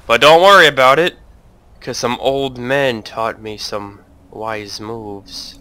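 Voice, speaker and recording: A young man with a very bright, forceful voice narrates his gameplay in an unhurried drawl. He talks straight to the characters on screen and jokes his way through, then suddenly yells at them. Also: medium pitch, clean tone. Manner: jokey, talks to the game, bursts into yelling. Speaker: let's play host. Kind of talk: gameplay commentary.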